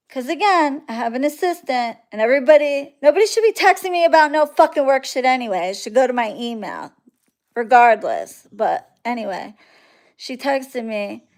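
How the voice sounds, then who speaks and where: A woman from Florida talks to her clients in a casual storytelling monologue. Her voice sits a little high. She is blunt and animated, and she swears freely whenever she gets exasperated. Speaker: spiritual practitioner talking to clients.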